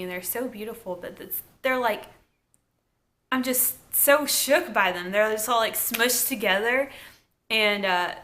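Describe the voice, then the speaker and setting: A woman's voice: mid-range voice, sharp tone. A woman reviewing a TV episode in a casual, chatty recap full of asides and "like". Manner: chatty, lots of "like", laughs and asides. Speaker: TV show reviewer.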